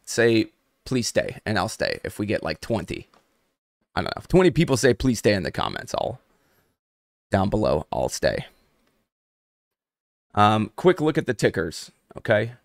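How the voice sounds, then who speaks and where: A man's voice: on the low side, big pitch swings, measured pace, creaky, pauses often, no echo, studio quality. A young adult man hosting a live trading stream. He talks casually and speaks straight to his viewers in the chat. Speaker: host.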